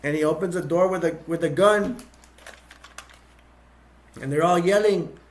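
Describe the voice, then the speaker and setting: A man reviewing a movie by retelling its plot in a rambling, halting way, with many restarts. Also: fairly high pitch.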